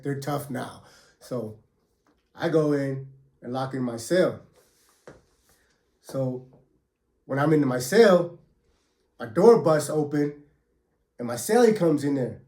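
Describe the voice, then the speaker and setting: A man's voice: medium pitch, darkish tone. Man swearing through a story, echoey room. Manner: profane, street slang, acts out quotes and blows. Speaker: former prisoner telling his story. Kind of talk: casual storytelling.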